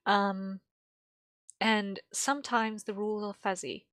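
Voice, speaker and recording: A woman's voice: medium pitch, fairly even intonation, takes it slowly, a bit bright, no echo. A young woman streaming while she draws, rambling casually with lots of fillers and small laughs. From English-speaking. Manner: rambling, thinking aloud with many fillers and laughs.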